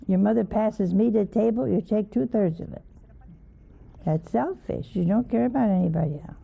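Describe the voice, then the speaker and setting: A woman preaches in a folksy, gently questioning way, often tossing questions to her listeners. Her voice is gravelly and she talks unhurriedly. It sounds thin and tinny, like an old phone-line recording. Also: mid-range voice. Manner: folksy, questioning, chuckling asides. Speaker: religious teacher. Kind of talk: informal sermon.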